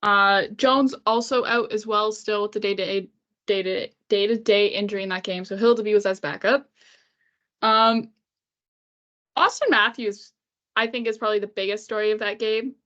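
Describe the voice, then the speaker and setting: A woman co-hosting a casual hockey podcast, talking quickly and rambling with fillers and laughs. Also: medium pitch, fairly even intonation, a bit bright, lo-fi sound. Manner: fast, giggly, rambling with fillers. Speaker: podcast co-host. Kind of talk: casual chat.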